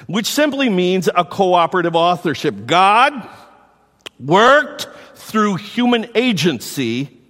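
High-voiced preacher in a reverberant hall. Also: male voice, fairly bright tone. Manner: teaching, repeats key words slowly and asks the congregation questions. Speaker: pastor. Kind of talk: sermon.

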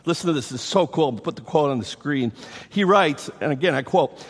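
Animated man preaching in a reverberant hall. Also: a little high, moderate pace. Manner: enthusiastic, animated, repeats himself for emphasis. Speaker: pastor. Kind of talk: sermon.

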